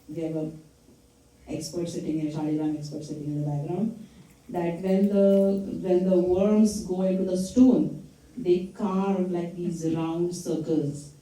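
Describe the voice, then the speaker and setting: A woman's voice: fairly low pitch, warm tone. A woman giving a temple lecture, retelling scripture stories in a conversational way and quizzing her listeners. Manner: conversational storytelling, quizzes the audience. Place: temple hall. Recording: echoey hall, mic from far off.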